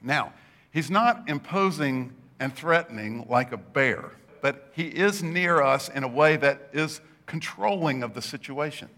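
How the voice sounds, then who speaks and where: A man's voice: fairly high pitch, lively intonation, unhurried, sharp tone. A man preaching a sermon, telling stories and stressing points with emphatic rises. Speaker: pastor.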